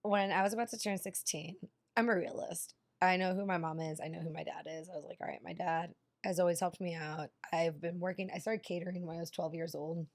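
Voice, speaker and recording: A woman in her thirties chatting casually on a podcast, telling an animated story with frequent swearing and laughter between lines. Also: on the low side, a little fast. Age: 30s.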